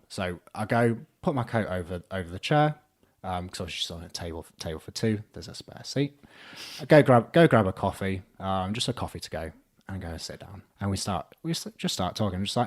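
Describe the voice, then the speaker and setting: A man's voice: low-pitched, animated, a little fast. A young man telling a funny dating story in casual chat, acting out the quotes and laughing often. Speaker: podcast guest.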